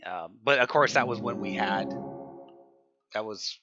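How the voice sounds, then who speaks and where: Guy streaming games and rambling, bright voice, kinda muffled lo-fi mic, laughs a lot. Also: on the low side, a little slow, faint music behind. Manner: rambling, repeats words, laughs often. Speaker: game server admin and streamer. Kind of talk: casual live-stream chat.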